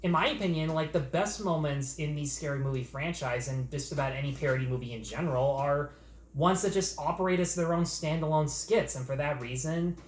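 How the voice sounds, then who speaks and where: A man's voice: a little high, fairly quick. A man co-hosting a show, chatting casually and rambling through opinionated points. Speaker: podcast co-host. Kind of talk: casual film chat. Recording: roomy echo, faint noise.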